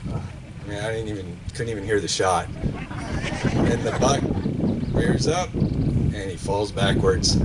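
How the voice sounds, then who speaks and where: A man's voice: fairly low pitch, very noisy. A man, a former coach, tells a personal hunting story at a memorial service and acts out the sound effects. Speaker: eulogy speaker, former coach.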